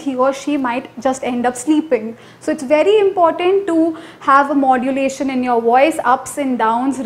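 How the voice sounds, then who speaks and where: A young woman with an Indian English accent teaching an online exam-prep lesson in an energetic, emphatic way, pausing to promote her course. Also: high-pitched. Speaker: IELTS tutor.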